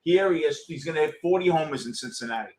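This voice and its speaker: Host type: middle-aged New man, slightly higher voice, blunt and excitable live game chatter, swears freely. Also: quick pace. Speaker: postgame show host. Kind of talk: casual live game commentary with viewers.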